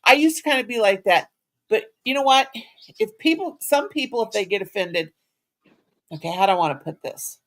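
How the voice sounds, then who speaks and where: Her voice sits mid-range, a bit bright and animated, moving a little fast. This woman hosts a relaxed live chat on her channel, chatting in a rambling, homespun manner and calling folks "sugar" and "honey" with a Southern flavor.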